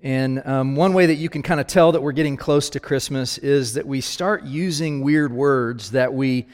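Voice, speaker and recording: A man's voice: mid-range voice, normal speed, darkish tone, long reverb tail. A man giving a conversational sermon as a pastor, talking straight to his listeners and asking them questions. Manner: casual, talks directly to listeners with questions.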